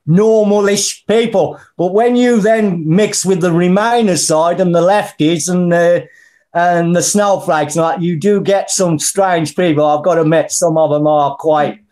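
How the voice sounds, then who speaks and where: A man's voice: sits high, measured pace, a little mellow. A middle-aged man from the English Midlands with a Birmingham accent, a guest talking bluntly and colloquially in a casual interview. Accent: Birmingham (Brummie). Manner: blunt and colloquial, calls people mate and brother.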